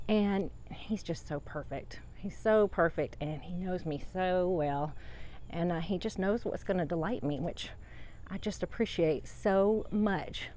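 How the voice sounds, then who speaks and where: A woman's voice: lowish voice, unhurried, dark tone, a little hiss or hum. A woman chatting casually outdoors in her home garden, rambling about her plants and sharing heartfelt thoughts on faith. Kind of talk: casual garden tour vlog. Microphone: handheld phone camera.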